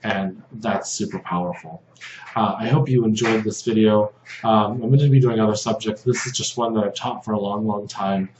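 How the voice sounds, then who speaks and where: A man with a fairly low voice talks through a lesson on slides, stopping and restarting often and dropping softer on repeated phrases. The sound is dull and lo-fi. It carries a roomy echo with a faint hum underneath. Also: fairly even intonation. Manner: halting, many fillers and restarts, drops softly into repeated prayer phrases. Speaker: video host teaching about control dramas. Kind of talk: casual spoken lesson over slides.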